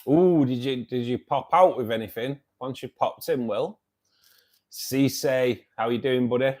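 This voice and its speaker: A man's voice: mid-range voice, measured pace, darkish tone. A man hosting a casual livestream, chatting with viewers in a friendly, hesitant way, full of ums and calling people mate and buddy. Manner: hesitant, many ums and restarts. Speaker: aquarium channel host.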